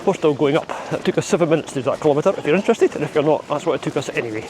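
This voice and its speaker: A man's voice: fairly high pitch, animated, very fast. A chatty, wry man from Edinburgh with a Scottish accent, filming a casual vlog outdoors in a city park. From Edinburgh, Scotland. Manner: chatty, wry, self-deprecating. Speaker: running vlogger. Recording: outdoor crowd noise behind. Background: crowd of runners.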